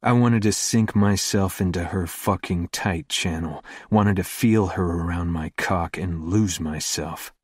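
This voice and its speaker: Male audiobook narrator, very deep voice, husky, hushed and intimate. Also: dry recording, clean studio sound. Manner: slow, hushed, intimate delivery. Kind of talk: first-person scripted narration.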